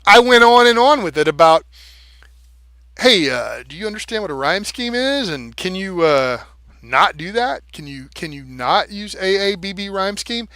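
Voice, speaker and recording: Man, livestream vlogger, bright, slightly high voice, dry close sound, profane and animated. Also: unhurried, no echo. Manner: animated, profane, explains with rhythm syllables. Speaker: live streamer. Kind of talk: casual livestream monologue.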